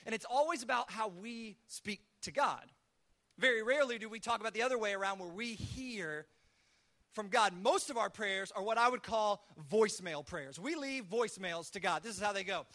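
A man with a high, bright voice preaches a casual, conversational sermon. He tells the story in an easy, chatty way and drops into lively acted asides. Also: moderate pace. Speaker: pastor.

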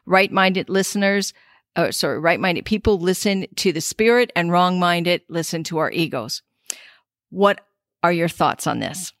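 A woman's voice: fairly low pitch, measured pace, fairly bright tone, no echo, studio quality. A woman hosting a spiritual podcast, reflective and heartfelt. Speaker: podcast host. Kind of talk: casual podcast talk.

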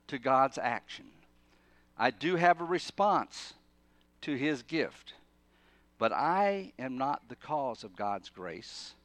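There's no room sound as this man, medium in pitch, delivers an emphatic church sermon. His phrases get repeated and restarted, and his volume shifts between quiet stretches and urgent, loud bursts.

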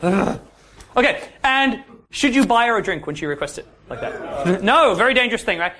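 A dating coach speaks in a high, sharp-toned voice, expressive and at a moderate pace. In his workshop talk he addresses the class head-on, asks them questions, and checks in with "yeah?" after points.

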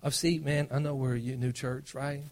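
A man preaching a sermon as pastor, conversational and self-deprecating, swinging between loud emphasis and hushed asides. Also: mid-range voice, level tone, moderate pace.

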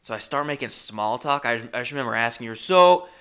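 Gravelly man telling a rambling story. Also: mid-range voice, steady tone, quick pace, pushed and bright. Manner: awkward, self-deprecating, rambling with restarts. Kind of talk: stand-up storytelling.

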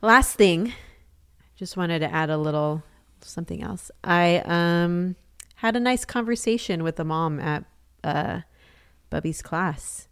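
A woman's voice: fairly low pitch, slow pace, fairly bright tone, clean tone. A woman in her thirties co-hosting a podcast, telling stories in a candid, chatty way with plenty of fillers. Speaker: podcast co-host. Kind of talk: casual chat.

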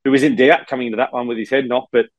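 A man's voice: medium pitch, fairly even intonation, very fast, no echo, dull audio. An Australian man co-hosts a casual sports chat from a hotel room. He rambles with plenty of restarts and fillers. His mid-range voice sounds close and dry. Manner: rambling, many fillers and restarts, says mate often. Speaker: co-host, former player.

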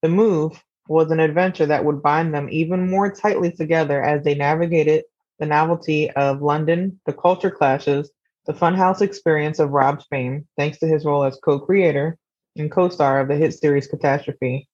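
Over slightly muffled video call audio, the host's younger sister chats easygoingly as a podcast guest and reads a summary aloud. Her voice sits low with fairly even intonation at a normal speed, a little mellow, in a dry recording.

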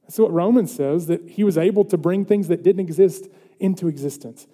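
A man's voice: sits high, a little fast, mellow. A man preaching a sermon as pastor, earnest and building to emphatic questions. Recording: long hall reverb.

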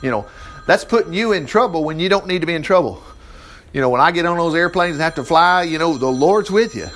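A middle-aged man, teaching the Bible in a folksy, animated way with chuckling asides. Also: a little high, fast. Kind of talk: informal Bible study commentary.

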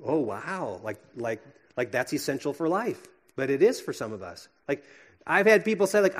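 A man, likely a pastor, preaching a sermon with earnest emphasis that drops to hushed, gentle passages. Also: medium pitch, sing-song, fairly quick.

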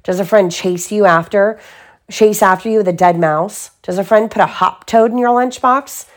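A woman voicing a fiery, bossy little girl bear cub in a children's storybook read-aloud, sounding indignant and quick to protest. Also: mid-range voice, lightly acted.

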